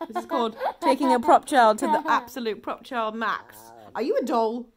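A woman's voice: high-pitched, slow pace, pauses often, a crowd in the background. A woman, a mother vlogging, talking silly sing-song baby talk in a playful, giggly way.

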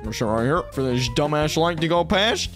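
A man's voice: on the high side, animated, moderate pace, a bit bright, faint music behind. A man voicing Jeffy, a childish, crude, dim boy, in a whiny drawl while playing a game. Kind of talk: gaming playthrough in character.

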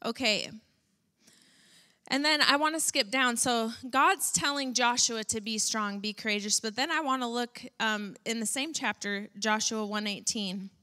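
Bright-voiced woman preaching. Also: unhurried. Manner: animated, acts out whiny complaints in a high voice. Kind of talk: sermon.

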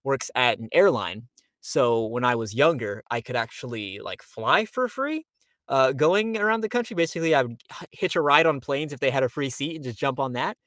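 A man's voice: medium pitch, expressive, normal speed, fairly bright tone, no echo. A young man from Miami chats casually as an interview guest. He talks about his voice acting work, leans on fillers like "like" and "you know", and laughs often. The sound is dry and close, with no room in it. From Miami, Florida. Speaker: voice actor guest.

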